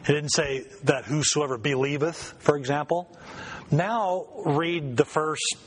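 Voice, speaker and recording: A man's voice: a little high, unhurried, husky. A man teaching an informal Bible study class in a conversational way, quizzing the group and often correcting himself mid-sentence.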